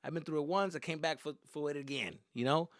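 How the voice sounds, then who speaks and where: A man who is a comedian and podcast host, telling stories in an animated, profane, casual way. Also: a little high, quick pace, dry recording, studio quality. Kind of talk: comic storytelling.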